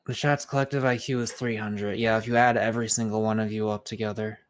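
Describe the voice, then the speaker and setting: A man's voice: on the low side, flat delivery, fast talker. A man joining a game stream, bantering in casual chat and acting hurt at being teased. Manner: joking, mock-offended.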